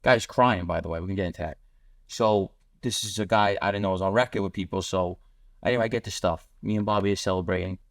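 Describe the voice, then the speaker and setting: A deep-voiced man tells blunt street stories at speed as a podcast guest, slipping into other people's voices for quotes. The audio is clean studio sound without echo.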